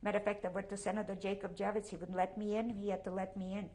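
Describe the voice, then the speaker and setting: An older woman from Poland with a Polish accent, giving a halting, emotional oral history interview and often repeating herself. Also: medium pitch, flat delivery, dark tone.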